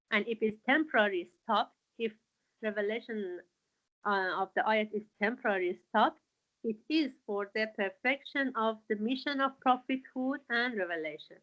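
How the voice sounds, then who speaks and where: A woman's voice: fairly high pitch, muffled recording. A woman teaching a Quran lesson, explaining verses word by word with frequent fillers and restarts. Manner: hesitant, many fillers and restarts.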